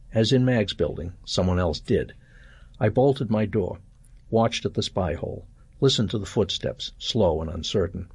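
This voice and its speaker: An older man narrates a story in a calm, measured way. His voice sits very low, gravelly and deeply husky. The recording is close and dry. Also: no echo. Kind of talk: reading a first-person short story aloud.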